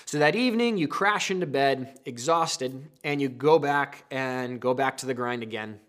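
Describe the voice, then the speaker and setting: A man preaching a sermon, telling everyday stories with lively, acted-out moments. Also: mid-range voice, moderate pace. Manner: animated storytelling, acting out husband and wife.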